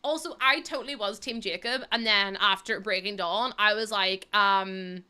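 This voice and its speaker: A woman in her thirties streaming from her room at home, chatting to her viewers while she plays, giggly and animated. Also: mid-range voice, measured pace, smooth. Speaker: livestreamer. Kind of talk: casual chat while gaming.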